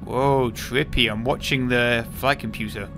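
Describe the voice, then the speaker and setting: A man's voice: medium pitch, steady tone, a little slow, over music. Joking, irreverent male game streamer. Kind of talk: casual gameplay commentary.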